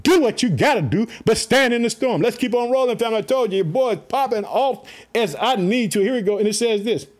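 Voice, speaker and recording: A man's voice: extremely high pitch, expressive, brisk, hardly any pauses. A man preaching an informal online sermon, fervent and repetitive, calling his listeners family. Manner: fervent, repetitive calls of "guess what".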